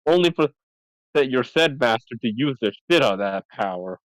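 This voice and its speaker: A man's voice: mid-range voice, lively intonation, normal speed, no echo, rough recording. A man co-hosting a podcast, making rambling, sarcastic asides while watching a movie. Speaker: podcast co-host. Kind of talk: casual movie-riffing chat.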